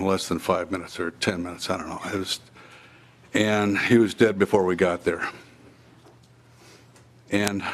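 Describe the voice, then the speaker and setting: A middle-aged man, a bereaved father, giving measured, halting testimony at a legislative hearing. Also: low voice. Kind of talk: formal testimony.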